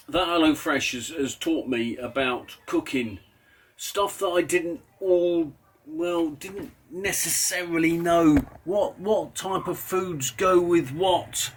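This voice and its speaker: A man's voice: fairly high pitch, breathy edge. Chatty rambling male vlogger. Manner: rambling, chatty, with self-deprecating asides. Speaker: narrowboat vlogger. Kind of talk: casual vlog narration.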